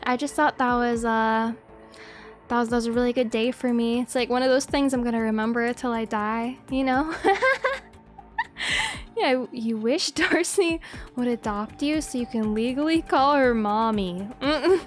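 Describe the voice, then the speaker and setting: A young woman streamer chats casually with a high voice, breaking into giggles again and again and swearing freely. Faint music plays quietly behind her. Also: moderate pace.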